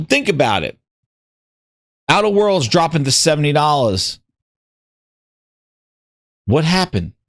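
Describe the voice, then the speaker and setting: A man hosting a casual gaming talk show, ranting with an animated, sarcastic delivery. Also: a little high, no echo, studio quality. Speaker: host.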